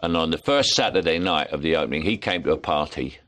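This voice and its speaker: An older man with a London Cockney accent speaks in a very low voice that still rises and falls a lot. He tells anecdotes as an interview guest, often laughing and slipping into other people's voices. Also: animated, fast talker, fairly bright tone. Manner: storytelling, laughing, puts on voices in quotes. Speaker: actor guest.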